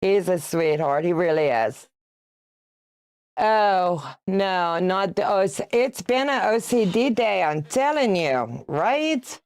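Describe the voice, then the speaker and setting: In a clean, echo-free studio recording, a woman in her sixties speaks slowly and expressively in a lowish, slightly mellow voice. Hosting a quilting livestream, she sews while chatting casually, teases viewers, greets them by name, reads out comments, and laughs frequently.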